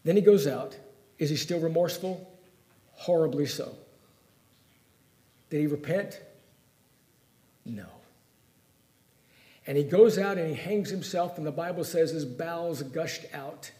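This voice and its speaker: A man preaching a sermon in a high voice, pressing his points with questions put straight to the listeners. He swings from loud, emphatic lines down to hushed pleading. The sound is echoey, as in a church room. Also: a little slow, long pauses. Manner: asks the listeners direct questions.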